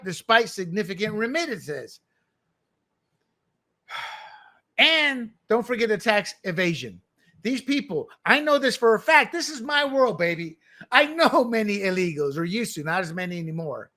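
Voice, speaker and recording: A man's voice: high voice, animated, moderate pace, pushed and bright. A man hosting political commentary, delivering opinions in a combative, emphatic and scornful way.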